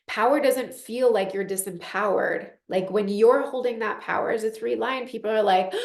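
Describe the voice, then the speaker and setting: A woman teaching a group call in a casual, animated way, acting out inner voices and saying "like" often. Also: medium pitch, normal speed, creaky, echoey room. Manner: animated, acts out inner voices, frequent "like" fillers.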